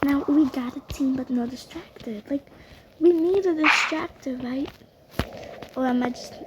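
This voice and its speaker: A high-pitched woman chatting her way through a video game, slow and drawn out, breaking into excitable, panicky outbursts. The recording is buried under loud background noise. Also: muffled recording. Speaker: gaming vlogger. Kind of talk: casual gameplay commentary.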